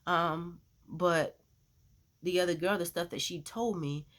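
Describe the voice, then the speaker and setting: A woman sharing a personal faith testimony as a vlogger, in a chatty, animated storytelling way with lots of "you know.". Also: lowish voice, slow. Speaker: Christian vlogger.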